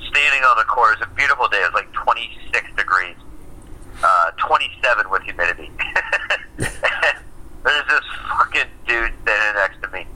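A man from Ontario swaps stories in loose, profane casual chat, laughing as he goes. His pitch swings widely from line to line, and his tone is sharp and very bright. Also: normal speed, poor audio. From Ontario, Canada. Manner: swears a lot, laughs often, animated storytelling.

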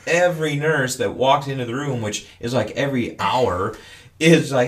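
A new father chats casually in a mid-range voice at a moderate pace, telling stories animatedly and swearing now and then.

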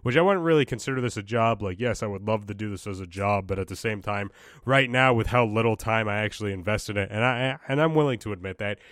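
A young man ranting on his own podcast, swearing freely and restarting sentences in exasperation. His voice sits fairly low. The recording is dry and close. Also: quick pace, a bit bright, dry recording. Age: young adult. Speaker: podcast host. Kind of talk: casual ranting solo podcast.

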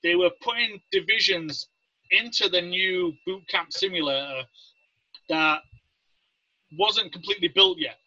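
Sitting high in pitch, this English-accented man from Leeds talks at a measured pace with long pauses. He's a Navy veteran guest in a casual interview, animatedly performing the voices of people in his stories, on a dry, dull lo-fi recording with no room sound.

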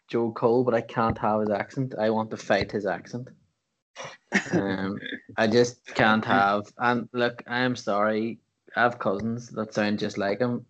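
A man co-hosting a casual football chat, joking with exaggerated complaints. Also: fairly low pitch. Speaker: podcast co-host. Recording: muffled lo-fi mic.

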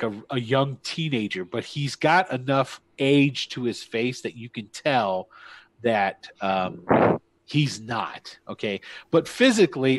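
A man's voice: mid-range voice, no echo. A man narrating a tabletop game as game master, casual and rambling. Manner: casual, rambling, full of fillers.

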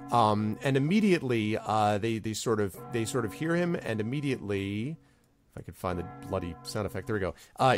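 A man narrating a tabletop game as game master, rambling with many fillers. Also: medium pitch.

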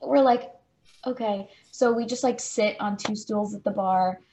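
A woman's voice: medium pitch, normal speed, mellow, a little hiss or hum, low-quality recording. Chatty young woman telling a story. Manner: chatty, fills speech with "like". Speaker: podcast co-host. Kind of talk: casual storytelling chat.

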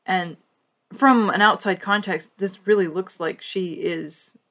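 A podcast co-host chats casually and animatedly about a cartoon, laughing often. Her voice is medium in pitch and her delivery a little slow.

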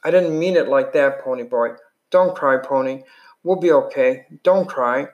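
A scared, guilt-ridden teenage runaway, read by a man in a voice close to his own. The boy sounds plain and unpolished, mid-pitched, with a read-aloud feel like a storybook chapter told at home. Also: normal speed, muffled recording, close to an everyday voice. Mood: soothing. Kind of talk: reading a novel aloud.

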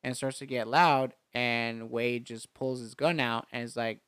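A man's voice: mid-range voice, steady tone, unhurried, hardly any pauses, fairly bright tone, clear, resonant tone, dry recording, clean studio sound. A man in casual chat, animatedly retelling a film scene by scene, often laughing and acting out the characters' lines. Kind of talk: casual chat recapping a movie.

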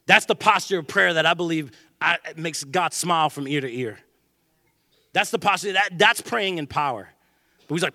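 Bright, high-voiced joking pastor. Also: male voice, normal speed, no echo, studio quality. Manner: animated, joking, acts out quoted voices. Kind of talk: sermon. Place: church.

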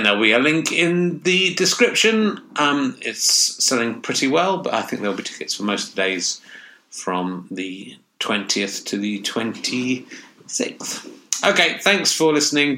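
A man's voice: medium pitch, expressive, unhurried, bright, forceful tone, a little hiss or hum. A man in his fifties casually reading a plug for his podcast and stand-up show, with a few fillers. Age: 50s. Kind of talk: spoken plug.

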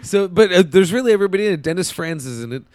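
Podcast co-host, man, slightly high voice, dry close sound, rambling chat. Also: racing, no room sound. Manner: rambling, animated, laughs while telling. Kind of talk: casual movie review chat.

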